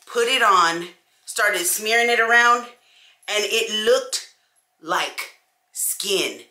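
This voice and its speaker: A woman chatting casually to camera as a beauty vlogger, animated and talking straight to her viewers. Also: mid-range voice, slight background noise. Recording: echoey room.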